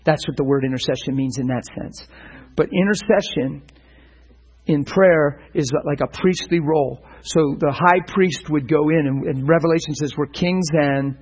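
Brief: middle-aged male preacher, husky, fairly high voice, earnest and animated. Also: moderate pace, muffled recording. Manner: earnest, animated, with stumbles and repeated words. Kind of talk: sermon-style teaching.

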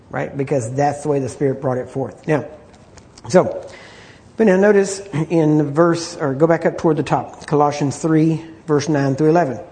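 Mellow, throat-clearing male Bible teacher. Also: on the high side. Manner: conversational and repetitive, clears throat often. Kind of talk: informal Bible study teaching.

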